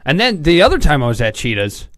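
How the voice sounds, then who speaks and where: A man co-hosting a casual podcast tells long, rambling, profane stories and laughs along the way. His voice sits a little high and swings widely in pitch. The sound is close and dry, with no room echo. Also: huge pitch swings, quick pace, fairly bright tone. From Detroit area. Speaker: podcast co-host. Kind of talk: casual storytelling chat.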